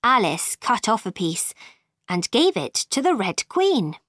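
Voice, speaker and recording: Slow, lively woman reading a storybook. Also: medium pitch, dry recording, studio quality. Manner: clear, expressive and unhurried.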